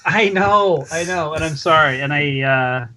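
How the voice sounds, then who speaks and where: A man with a fairly high, bright voice rambles through casual podcast chat. He jokes and pokes fun at himself. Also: a little slow. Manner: self-deprecating, rambling, jokey. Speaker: podcast guest.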